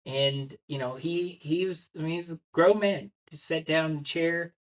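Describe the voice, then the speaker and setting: A man's voice: on the high side, steady tone, moderate pace, highs cut off. A man preaching a sermon, telling a story and acting out the people in it. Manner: storytelling, acts out the voices in his story. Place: church.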